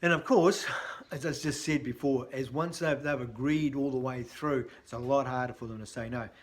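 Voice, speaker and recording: A man's voice: medium pitch, normal speed. A man hosting a sales training talk, speaking in a blunt, chatty way with frequent fillers. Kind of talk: casual instructional talk to camera.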